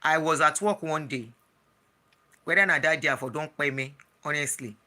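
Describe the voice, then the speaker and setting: An adult vlogger with a Nigerian accent and a very bright, sharp tone. The story comes out as casual chat that mixes in Pidgin. It is full of small restarts and asides. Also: mid-range voice, moderate pace. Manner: chatty, slips into Pidgin, frequent restarts. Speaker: travel and lifestyle vlogger.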